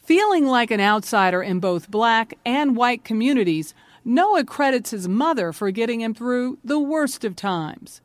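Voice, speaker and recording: Lively higher-voiced woman reporter. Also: no echo. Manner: measured, polished reporter delivery. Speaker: news correspondent. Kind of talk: scripted news narration.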